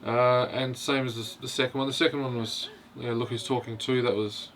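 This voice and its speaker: A man's voice: medium pitch, fairly even intonation, fairly quick, fairly bright tone, a little hiss or hum. A man casually reviewing a film, hesitant and rambling, with constant "you know" fillers. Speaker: host of a film review video.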